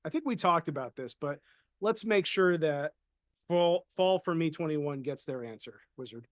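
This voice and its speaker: This co-host of a casual podcast, a paranormal consultant, speaks in a voice on the high side with lively intonation and a moderate pace. He chats easily and reads out viewer questions, recorded dry with clean studio sound.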